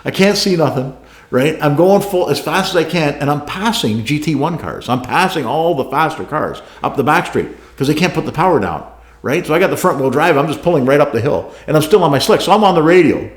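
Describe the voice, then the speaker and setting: A man co-hosting a podcast, telling a racing story in a casual, animated way, acting out radio calls and laughing often. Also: fairly high pitch, fairly quick. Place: garage studio. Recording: roomy echo.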